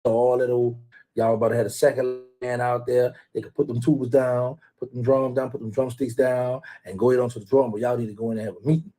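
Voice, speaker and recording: A man's voice: medium pitch, flat delivery, fast, soft background music. A man hosting a casual live stream, rambling and teasing rival fans, calling out viewers by name. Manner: teasing, rambling, trash-talking, shouts out viewers.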